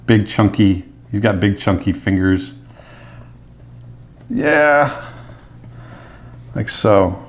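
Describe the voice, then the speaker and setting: Relaxed man narrating a sketching tutorial. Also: on the low side, extremely slow, long pauses. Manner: relaxed, thinking aloud while sketching, casual fillers. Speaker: animator and drawing instructor.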